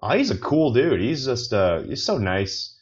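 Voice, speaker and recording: A man's voice: mid-range voice, very animated, measured pace, highs cut off. A man hosting a casual solo podcast, rambling with many fillers and restarts, joking at his own expense. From not from China, living in Beijing. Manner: rambling, self-deprecating, lots of fillers and restarts. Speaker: podcast host.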